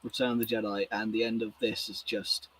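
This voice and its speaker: A man's voice: fairly low pitch, level tone, fairly quick, breathy edge, rough recording. A man co-hosting a podcast, gushing enthusiastically as he reviews a TV episode in casual chat. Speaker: podcast co-host.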